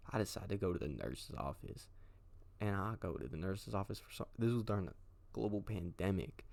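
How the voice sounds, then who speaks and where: A man's voice: lowish voice, creaky. A young man telling a casual storytime, slangy, profane and rambling.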